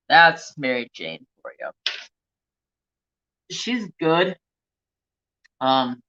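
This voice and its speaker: American man, relaxed chatty vlog, slow unhurried talk, dull lo-fi sound. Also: fairly high pitch. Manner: chatty, playful, talks to his pets. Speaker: craft channel host. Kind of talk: casual chat about his pets.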